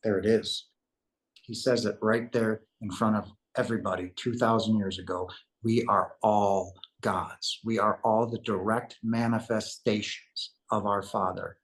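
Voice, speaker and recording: A man's voice: lowish voice, steady tone, unhurried, rough recording. Earnest man telling a spiritual story. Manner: emphatic, repeats himself, rhetorical "right?". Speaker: interview guest.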